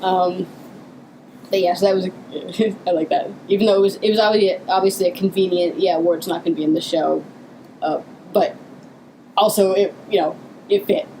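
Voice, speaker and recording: A woman's voice: lowish voice, steady tone, normal speed, warm tone, slight background noise, poor audio. A woman co-hosting a casual fan commentary, laughing often and restarting her sentences. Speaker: podcast co-host.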